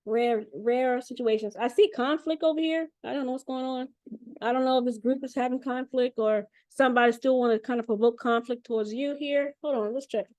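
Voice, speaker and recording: Woman, spiritual reader, chatty, profane, mellow tone, dry close sound. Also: sits high, steady tone, brisk, no room sound. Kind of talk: casual spiritual reading.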